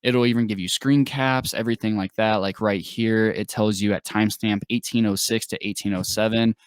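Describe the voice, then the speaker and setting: A man's voice: on the low side, fairly even intonation, brisk, clear, resonant tone, no room sound, clean studio sound. A man co-hosting a casual film review podcast, talking enthusiastically with plenty of fillers. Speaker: podcast co-host.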